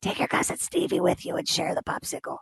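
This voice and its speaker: A woman voicing a stern old grandfather with a thick Sicilian accent and a raspy, breathy, duck-like voice. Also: fast talker, no echo, natural voice. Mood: scolding.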